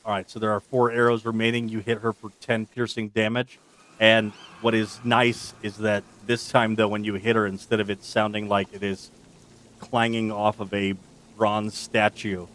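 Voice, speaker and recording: A man running a tabletop game as game master, narrating events with slow dramatic pauses. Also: fairly low pitch, level tone, fairly bright tone, a little hiss or hum.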